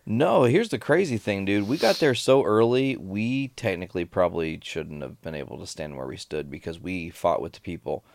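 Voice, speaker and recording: Guy with a lowish voice ranting through a funny story, swears a lot, dry mic. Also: normal speed, vocal fry, few pauses, dry recording. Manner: swearing, animated storyteller with laughs. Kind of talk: casual chat.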